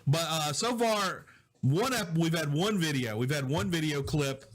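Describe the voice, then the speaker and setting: Guy hosting a live stream from his office, kinda high voice, chatty, reading out comments, quiet mic. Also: expressive, measured pace. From Southwest Louisiana. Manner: chatty, greets viewers and reads out comments. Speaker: digital host. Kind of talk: casual live-stream chat. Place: home office. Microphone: low-volume mic with problems.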